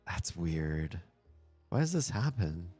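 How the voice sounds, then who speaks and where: A man streaming live and chatting casually with his viewers, animated and talkative, often laughing and cursing. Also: low voice, slow pace, husky, dry recording, faint music behind. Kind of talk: casual livestream chat.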